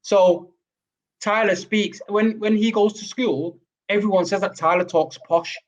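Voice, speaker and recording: A man's voice: sits high, steady tone, measured pace, poor audio. A man with a Manchester accent, co-hosting a podcast as a father, telling stories in casual chat and laughing often.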